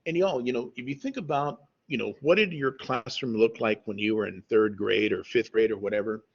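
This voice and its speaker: A man's voice: fairly low pitch, brisk, gravelly, slightly rough, highs cut off. A man teaching a recorded math lesson in a conversational way, often checking in with "okay?".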